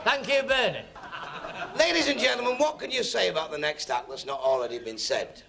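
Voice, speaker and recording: A man's voice: high voice, brisk, creaky. A man compering a club variety show, introducing the next act with dry jokes. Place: working men's club stage on TV. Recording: noisy 1970s TV recording, club crowd.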